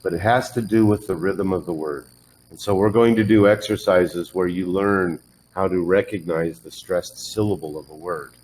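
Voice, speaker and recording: A man's voice: sits low, a little mellow, a little hiss or hum, poor audio. A man teaching English pronunciation one on one, patiently modelling words and correcting the learner's drills.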